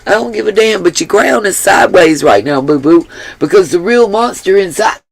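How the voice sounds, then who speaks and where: A woman's voice: mid-range voice, expressive, moderate pace, vocal fry, breathy edge, no echo. A woman hosting a commentary channel, ranting in an angry, profane and blunt way, though she apologizes for her harsh tone. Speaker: YouTube commentary host.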